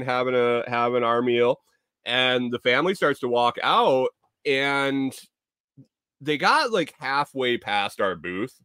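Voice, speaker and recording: A man's voice: medium pitch, a bit bright, smooth, dry recording, clean studio sound. A man telling a rambling, profane story in a casual vlog, sounding exasperated. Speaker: vlogger.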